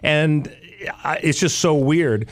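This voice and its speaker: A man's voice: a little high, takes it slowly. Wry rambling male talk radio host.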